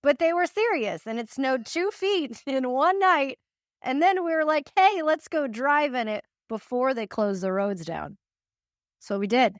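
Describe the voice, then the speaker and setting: A woman's voice: high-pitched, lively intonation, unhurried, no echo, studio quality. A young woman co-hosting a podcast with her husband, wry and teasing, laughing easily. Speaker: podcast co-host. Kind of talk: casual chat.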